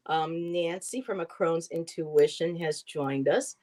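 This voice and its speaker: A woman's voice: low-pitched, slow pace. A woman co-hosting a livestream, chatting with viewers and reading tarot cards aloud with casual asides. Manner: chatty, warm-hearted, reads card text aloud with asides. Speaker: tarot reader and livestream co-host.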